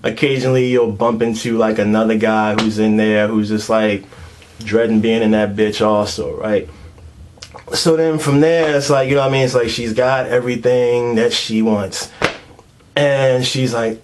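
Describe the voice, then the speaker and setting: A man's voice: lowish voice, steady tone, measured pace, darkish tone, a little hiss or hum. Crude slangy young man ranting. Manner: crude, filler-heavy, streetwise slang. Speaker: comedian. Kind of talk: comedic monologue rant.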